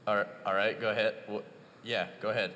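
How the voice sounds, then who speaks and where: A man's voice: lowish voice, little pitch movement, quick pace, bright, forceful tone. A man acting in a comedy skit, laid-back and slangy, puzzled by his friend. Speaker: skit actor.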